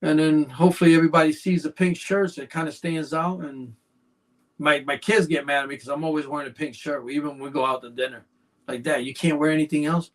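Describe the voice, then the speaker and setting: A man's voice: on the high side, steady tone, fairly quick. A man chatting as a podcast guest, telling long rambling stories peppered with "you know". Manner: rambling storyteller, constant "you know" fillers. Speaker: podcast guest, snake breeder. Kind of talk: casual anecdotal chat.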